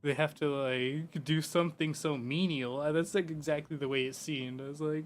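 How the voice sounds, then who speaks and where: Male streamer, casual rambling chat, profane, slightly high pitch, soft music underneath. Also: fairly even intonation, normal speed, hardly any pauses. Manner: loose, profane, full of "like" and "you know". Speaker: gaming streamer.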